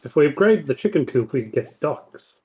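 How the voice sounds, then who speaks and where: A man's voice: on the high side, big pitch swings, fairly quick, darkish tone, breathy edge. A man co-streaming a farming game, chiming in with dry, teasing quips. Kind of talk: casual gaming stream banter.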